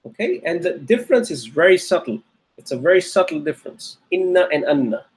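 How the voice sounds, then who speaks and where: A man's voice: high-pitched, sing-song, fairly quick. A man teaching an online grammar lecture, patiently repeating points and checking in with the class. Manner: patient, repetitive, checks in with "okay?". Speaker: Arabic teacher.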